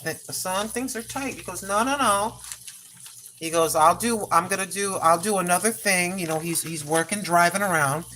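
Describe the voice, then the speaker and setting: A woman's voice: medium pitch, fairly bright tone, a little hiss or hum. An older woman chatting through a cooking live stream in her home kitchen, rambling and repeating herself in a folksy way. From Oregon, US.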